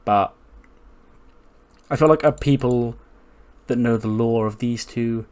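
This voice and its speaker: A man's voice: mid-range voice, slow, a little mellow. A man narrating a wrestling game casually, swearing and chuckling as he books matches. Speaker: gaming YouTuber. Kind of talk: casual let's-play narration.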